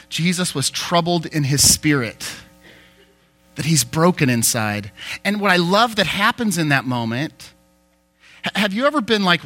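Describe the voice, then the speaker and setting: A man preaching a sermon, telling a personal story in an animated way with many fillers. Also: a little high. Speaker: pastor.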